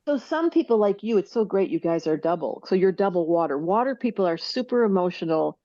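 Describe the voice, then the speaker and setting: An older woman, a guest on a podcast, explaining things in a lively way and acting out little voices as she goes. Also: fairly low pitch, a little fast, no room sound, dull audio. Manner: animated, acts out little character voices. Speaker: astrologer guest. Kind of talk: podcast interview.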